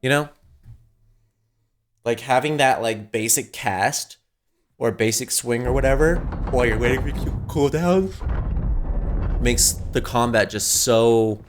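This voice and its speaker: A man's voice: mid-range voice, unhurried, pauses often. Laid-back young man narrating gameplay. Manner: laid-back, rambling with fillers. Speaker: gaming streamer. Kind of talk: casual gameplay commentary. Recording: voice over noisy game audio. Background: game sounds.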